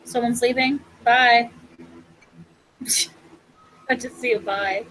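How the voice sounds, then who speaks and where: A playful woman hosting a relaxed chat, laughing often between her lines. Her voice is clearly high for a woman. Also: slow pace, slight background noise, low-quality recording. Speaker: host. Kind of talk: casual chat.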